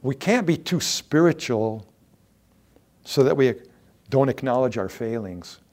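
Man, pastor, sermon, earnest, emphatic, repeats words for stress, swings soft to loud. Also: medium pitch, lively intonation, a little slow.

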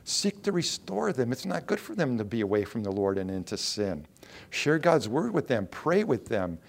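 A man's voice: medium pitch, very animated, normal speed, creaky. A man preaching a sermon in a conversational way, asking the listeners questions and acting out short quotes. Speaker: pastor.

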